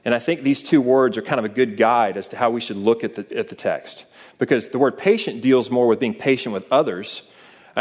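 A man's voice: medium pitch, darkish tone. A man preaching a sermon in a conversational way, often asking the listeners rhetorical questions. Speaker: pastor.

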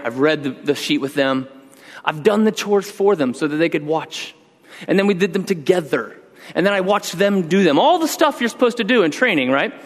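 A middle-aged man preaching a sermon, telling animated stories about scolding his kids at home. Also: on the high side. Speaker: pastor. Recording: long reverb of a large hall.

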